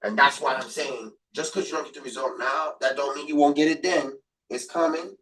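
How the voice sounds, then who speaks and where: A man's voice: fairly high pitch, fairly even intonation, brisk, fairly bright tone, slightly rough, recorded from a distance. A man hosting a podcast, giving rambling, motivational sports commentary with lots of repetition and fillers. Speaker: podcast host.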